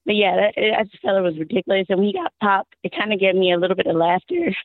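A woman from Texas calling into a show, her voice hoarse and worn out, rambling and exasperated with frequent laughs. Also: medium pitch, expressive, fast talker, dry recording. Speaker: caller. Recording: tinny phone line.

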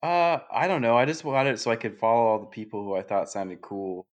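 A man co-hosting a casual podcast, telling things in an animated, profane way with frequent laughter. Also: mid-range voice, fairly quick. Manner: animated, profane, giggly storytelling. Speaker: podcast co-host.

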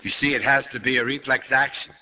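A man's voice: mid-range voice, steady tone, brisk, bright, forceful tone, rough recording. An older man giving a spiritual lecture to an audience, blunt and questioning, speaking straight to his listeners. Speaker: New Thought lecturer.

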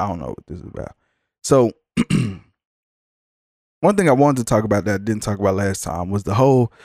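A man hosting a podcast, ranting in a blunt, profane, animated way in a casual chat. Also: lowish voice, creaky, dry recording, clean studio sound. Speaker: podcast host.

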